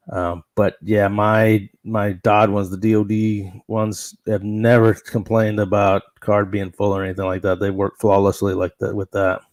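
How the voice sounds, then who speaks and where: Casual guest host, lowish man's voice, matter-of-fact explainer, dry room. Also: a little mellow, no echo. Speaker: fellow dash cam channel host. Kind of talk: casual chat.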